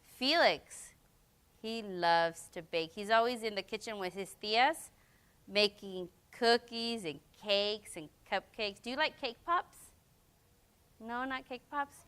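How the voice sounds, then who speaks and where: Bright, chatty middle-aged mom. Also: female voice, medium pitch, animated, smooth. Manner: chatty, sentimental, quick asides with laughter. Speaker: mother and business co-founder. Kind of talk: public Q&A talk at a library.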